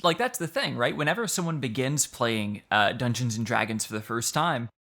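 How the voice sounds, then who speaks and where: A man's voice: medium pitch, lively intonation, moderate pace, bright, forceful tone. Enthusiastic man co-hosting a chat. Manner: enthusiastic, laughs often. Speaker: podcast co-host. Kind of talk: casual chat about tabletop gaming.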